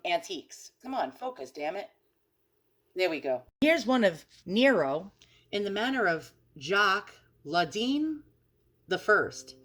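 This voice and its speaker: A woman hosting an antiques channel, talking casually and frankly as she browses listings on her computer, swearing mildly and stumbling over French words. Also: lowish voice. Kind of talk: casual screen-recorded research commentary.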